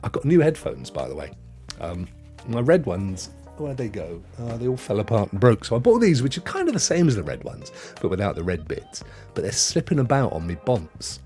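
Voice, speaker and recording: A man's voice: medium pitch, huge pitch swings, a little fast, mellow, soft background music. A man hosting a live stream, chatting casually and jokingly while reading out chat messages. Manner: chatty, jokey, reads chat aloud.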